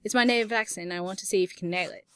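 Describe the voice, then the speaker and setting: A woman's voice: on the low side, very fast, a bit bright, smooth. Chatty young woman gaming host. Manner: chatty, laughs often, swears lightly. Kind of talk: casual Q&A chat, reading viewer questions.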